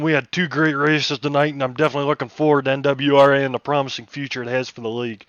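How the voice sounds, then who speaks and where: A man interviewing drivers after a sim race, hoarse, folksy and excitable with lots of fillers. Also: mid-range voice, quick pace, few pauses, no room sound. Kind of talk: casual post-race interview over voice chat.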